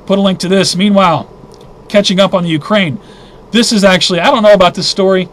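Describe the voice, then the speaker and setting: Male host, high voice, agitated news roundup, faint hiss behind. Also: fairly even intonation, quick pace, fairly bright tone. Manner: agitated, indignant, thinking aloud with restarts. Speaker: host of a weekly news briefing. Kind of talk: casual news roundup commentary.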